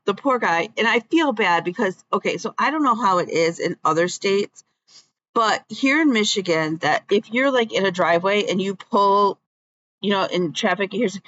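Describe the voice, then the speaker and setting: A woman's voice: mid-range voice, a bit bright, dull audio. A woman vlogging about her stitching at home in a rambling, chatty way, with many ums. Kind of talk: casual chat.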